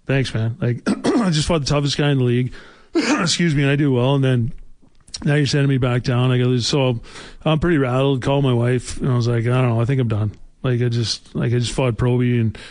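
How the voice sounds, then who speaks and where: A former hockey player in his forties tells rambling, filler-heavy stories during a casual talk show chat. His medium-pitched voice is a little mellow and slightly fast, captured in a dry recording.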